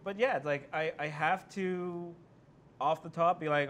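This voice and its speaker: A man with a slightly raised voice tells a wry, relaxed story on a comedy panel. A faint low rumble runs under it. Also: measured pace. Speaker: comedian guest. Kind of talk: casual panel chat.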